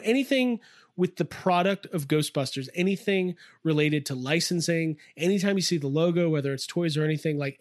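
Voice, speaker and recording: Excitable man chatting in a toy room. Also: fairly high pitch, dry recording, studio quality. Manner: rambling, excitable, many fillers. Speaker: podcast co-host. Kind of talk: casual chat.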